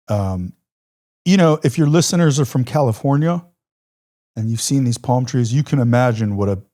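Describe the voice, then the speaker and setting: A man's voice: fairly low pitch, dark tone. Reflective man in his forties telling war stories. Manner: vivid, reflective storyteller with casual fillers. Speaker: military veteran guest. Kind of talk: podcast interview storytelling.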